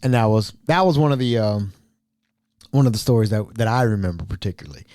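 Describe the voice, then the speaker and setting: A man from Ohio hosts a podcast, recounting old stories in a casual, chatty, animated way and laughing often. His voice is lowish and fast. The sound is clean studio audio with no room tone.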